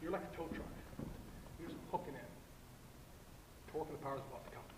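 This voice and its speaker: A man explains blocking technique at a coaching clinic, driving his points home and pausing for "okay?" His voice sits high for a man. He is recorded from across a large hall with a long, roomy echo. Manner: emphatic, repetitive, frequent "okay?". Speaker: football line coach. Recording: echoey hall, far from mic, noisy.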